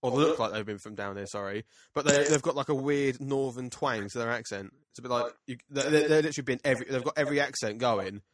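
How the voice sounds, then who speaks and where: A young man cohosting a casual podcast chat, rambling and halting, with casual swearing. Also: mid-range voice. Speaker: podcast co-host.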